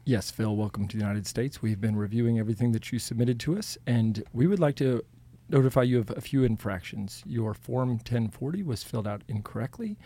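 A man putting on the voice of a stern government tax agent, reading out infractions in flat official language. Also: medium pitch, fairly quick, voice pushed down, close to an everyday voice. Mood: officious. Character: stern male IRS agent shaking down a visitor.

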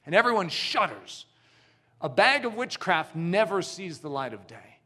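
Animated, high-voiced preacher telling a story. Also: male voice, normal speed. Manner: animated, dramatic storyteller who poses questions to the audience. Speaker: pastor. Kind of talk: sermon storytelling.

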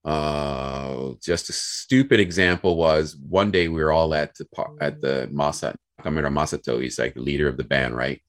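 A young American man telling a work story in a casual, animated way, acting out the people he quotes. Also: extremely low pitch, normal speed, hardly any pauses. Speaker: guest.

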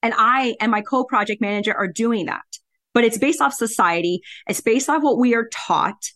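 A woman's voice: on the high side, normal speed, a bit bright. A middle-aged woman talking bluntly and assertively in a casual interview, laughing often. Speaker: podcast guest, real estate investor.

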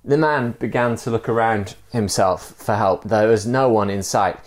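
A man's voice: on the low side, normal speed. A man preaching a sermon in a conversational way, telling a fable with frequent fillers. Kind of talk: sermon with storytelling.

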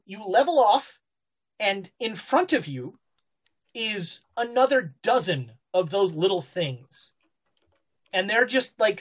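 A woman narrating a horror tabletop game as game master, halting with fillers and restarts. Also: mid-range voice.

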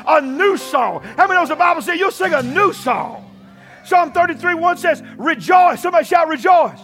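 A male pastor preaching a sermon, often shouting and leading call-and-response with the congregation. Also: very high-pitched, lively intonation, moderate pace, soft background music. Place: church.

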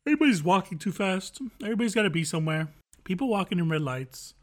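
A man's voice: sits high, lively intonation, fast talker. A man co-hosting a podcast, chatting casually in a rambling, jokey and profane way. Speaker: podcast co-host.

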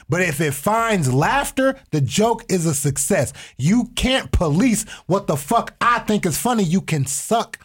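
A man, a comedian, talking emphatically and insistently in casual podcast banter. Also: a little high. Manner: emphatic, talks over others.

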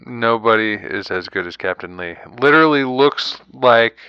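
A man's voice: medium pitch, animated, normal speed, clear, resonant tone, dry recording, dull audio. A man co-hosting a podcast in casual banter, playful and teasing, hamming it up. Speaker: podcast co-host.

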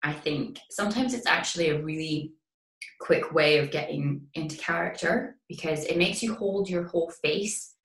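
A woman with a Scottish accent, an actress chatting casually in an interview, animated and full of fillers. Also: low voice, normal speed, reverberant, far from the mic, poor audio. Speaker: actress guest.

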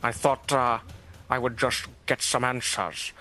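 A man voicing a mock-courteous male villain who speaks slowly and menacingly. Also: medium pitch, steady tone, pushed and bright, faint music behind. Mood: mock-polite.

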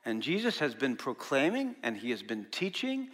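A man's voice: mid-range voice, huge pitch swings, moderate pace, fairly bright tone. A man preaching a sermon as a pastor, talking conversationally and quizzing his congregation. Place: church service.

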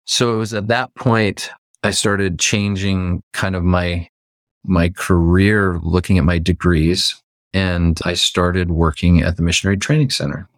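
A man with a low voice shares a personal story as a podcast guest. He is from Canada and he brings quoted lines to life with sudden jumps in pitch. The sound is dry and close, with no room echo. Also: level tone, a little slow.

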